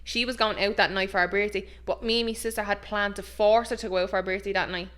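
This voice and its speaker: A woman's voice: fairly even intonation, quick pace, a bit bright. Woman, young adult, Dublin Irish accent, podcast co-host, casual chat, storyteller. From Dublin, Ireland. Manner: chatty storyteller, lots of "like", acts out quotes in high voices.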